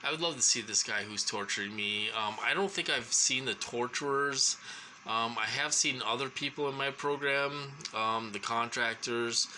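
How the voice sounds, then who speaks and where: A man talks through a long, rambling personal account, stopping often with ums and starting sentences over. His voice is very bright and sharp, with a faint hiss of noise behind it. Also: mid-range voice, rough recording. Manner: halting, full of ums and restarts. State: short of breath at times.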